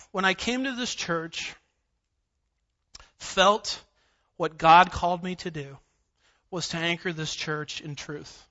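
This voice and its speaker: Bright, high-voiced emphatic male preacher. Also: highs cut off. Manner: emphatic preaching with repetition and scripture references. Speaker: pastor. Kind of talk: verse-by-verse sermon. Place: church sanctuary.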